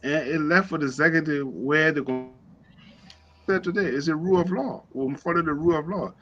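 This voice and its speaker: A man's voice: a little high, fairly quick, a bit bright, dull audio. A man speaking as a guest on a political panel, evasive and repetitive, with the odd chuckle.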